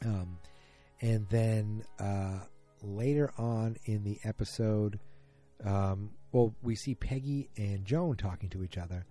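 A man's voice: on the low side, takes it slowly, warm tone, faint music behind. A man casually recapping a TV episode, rambling with lots of fillers and restarts.

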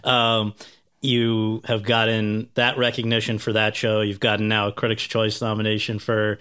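Man, interviewer, measured, polite questions. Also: on the low side, level tone, a bit bright, smooth. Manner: brief affirmations, measured questions.

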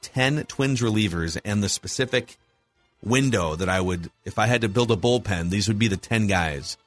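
A man's voice: lowish voice, moderate pace, fairly bright tone, faint music behind. A man in his forties with a Minnesota accent, hosting a casual sports podcast and eagerly running through rankings. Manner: enthusiastic, lists rankings. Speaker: podcast host.

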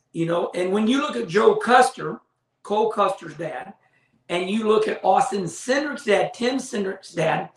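A man's voice: high-pitched, echoey room, low-quality recording. A middle-aged man hosting his own show, talking casually in a folksy, rambling way with lots of fillers and acted-out quotes. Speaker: show host. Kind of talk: casual opinion monologue.

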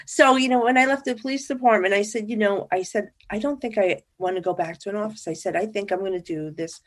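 A woman from New Jersey, a psychic guest in an interview, telling stories in a lively, chatty way and acting out what people said. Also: mid-range voice, quick pace. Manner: animated, acts out quoted dialogue. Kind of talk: casual interview storytelling.

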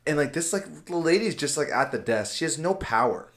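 A man's voice: on the high side, brisk. A young man co-hosting a podcast, chatting casually and acting out the people in his stories. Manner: animated storyteller, acts out other people's lines. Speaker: podcast co-host. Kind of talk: casual chat, storytelling.

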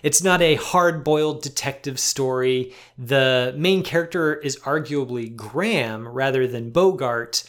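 Male film podcast co-host, casual discussion, thoughtful, self-deprecating, mid-pitched. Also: unhurried, hardly any pauses, fairly bright tone.

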